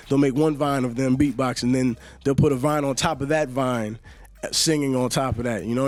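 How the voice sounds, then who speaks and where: This laid-back young man from Yonkers, New York, a singer who also makes Vines, rambles through a casual radio interview, leaning on "you know" to fill the gaps. His voice is mid-pitched and easygoing, with a darkish tone.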